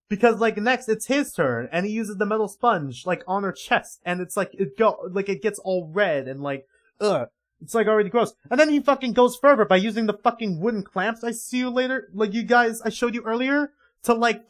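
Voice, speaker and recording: A man livestreaming casual reaction commentary, rambling and swearing heavily in an exasperated way. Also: high-pitched.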